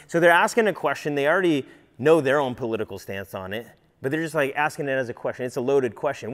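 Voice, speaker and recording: Male preacher, casual sermon, conversational, plays out quotes; mid-pitched voice, long hall reverb. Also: animated, fast talker. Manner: conversational, acts out quoted voices, many fillers.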